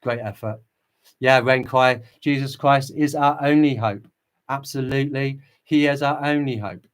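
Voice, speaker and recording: A man's voice: medium pitch, steady tone, measured pace. A man hosting a livestream, reading viewer chat and preaching with impassioned fervor. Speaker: channel host.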